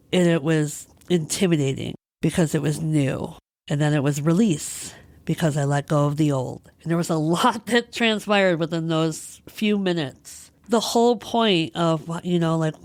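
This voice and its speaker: A woman hosts her podcast with a low voice that sits close and dry. She speaks candidly and with feeling, searching through a personal story. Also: no echo. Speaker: podcast host. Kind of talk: personal reflective monologue.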